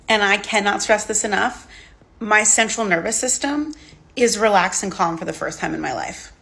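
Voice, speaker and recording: Gravelly woman listing her points. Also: mid-range voice, a bit bright. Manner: emphatic, lists points one by one. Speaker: expat vlogger. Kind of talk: scripted talking-head vlog.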